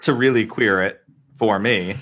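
A man's voice: fairly low pitch, a little slow, fairly bright tone. A man hosting a casual podcast discussion, gushing and filling his talk with "like.". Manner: gushing, with many "like" fillers. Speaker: podcast host.

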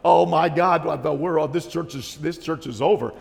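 A man's voice: moderate pace, vocal fry. A man voicing a worried male pastor who mutters in dismay about a coming scandal. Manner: low, fretting mutter. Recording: long hall reverb.

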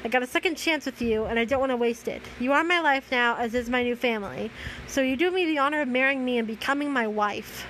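Woman reading an earnest young man in fan fiction, high and plain. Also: fast, fairly bright tone, a little hiss or hum, rough recording. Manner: read aloud plainly, with stumbles.

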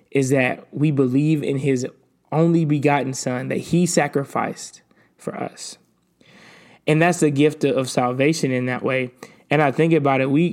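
A man's voice: a little high, a little mellow. Earnest man giving casual faith talk. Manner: casual, earnest, repeats words. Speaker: podcast host.

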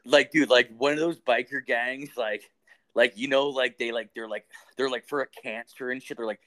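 A man's voice: mid-range voice, steady tone, normal speed, a bit bright. A man in casual podcast chat, loose and profane. His voice sits in an ordinary middle register. He rambles through his story with plenty of filler words. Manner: profane, rambling, lots of "like" and "dude". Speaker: podcast co-host.

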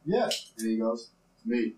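A man's voice: mid-range voice, moderate pace. A man running a tabletop game as game master, narrating loosely with hesitations and fillers. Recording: roomy room with faint noise.

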